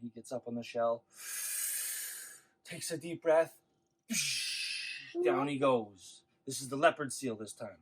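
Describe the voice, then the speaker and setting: A man telling a traditional legend to schoolchildren in an animated, expressive way. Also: mid-range voice, a little slow, long pauses, background noise. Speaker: storyteller.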